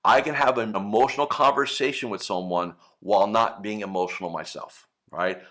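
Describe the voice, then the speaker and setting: Host, male, low register, casual coaching talk to advisors, tags lines with "right?" and "okay?". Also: fairly even intonation, moderate pace, sharp tone. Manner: conversational, frequent "right?" and "okay?" tags, acts out client calls.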